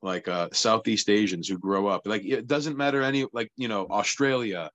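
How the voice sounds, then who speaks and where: A man co-hosting a podcast in casual chat, halting and repeating words as he searches for them. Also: on the low side, fairly bright tone, dry recording.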